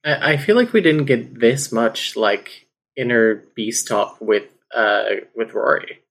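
A woman with a mid-range voice shares her notes on a book in a wry, deadpan tone. She hesitates with fillers before landing her dry jokes. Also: very deep voice, a little slow. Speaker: book podcast co-host. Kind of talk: casual book-club chat.

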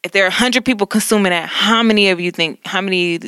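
Bright, crisp woman in casual chat. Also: mid-range voice, fast, no room sound, studio quality. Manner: rambling, heavy use of "like", laughs often. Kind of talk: casual conversation.

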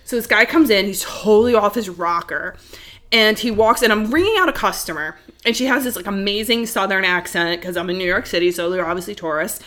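A woman's voice: mid-range voice, fairly quick, soft background music. Woman chatty podcast storyteller, laughing often. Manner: animated storyteller, laughs often, many fillers. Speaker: podcast co-host. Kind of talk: casual chat.

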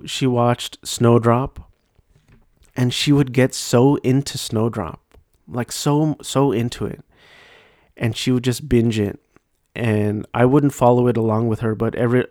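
A man hosting a solo podcast in a mid-pitched voice. He wanders from point to point with wry, self-mocking jokes. The sound is close and dry, with no room echo. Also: darkish tone. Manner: rambling, joking, self-mocking asides. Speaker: podcast host. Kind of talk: casual solo podcast monologue.

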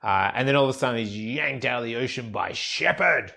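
A man's voice: mid-range voice, fairly quick, gravelly, pushed and bright. A man casually retelling a film plot, laughing often. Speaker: podcast co-host. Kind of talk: casual film recap chat.

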